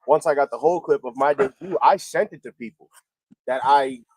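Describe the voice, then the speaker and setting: Brief: mid-pitched male podcaster, relaxed and conversational, dry close mic. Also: a little fast, slightly rough, no room sound, poor audio. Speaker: podcast co-host and wrestler. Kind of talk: casual podcast chat.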